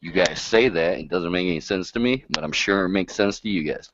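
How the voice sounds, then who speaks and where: A man's voice: low-pitched, fairly quick. A man co-hosting a live stream, ranting in brash, profane banter. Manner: brash, ranting, swears constantly. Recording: lo-fi stream audio with faint hiss.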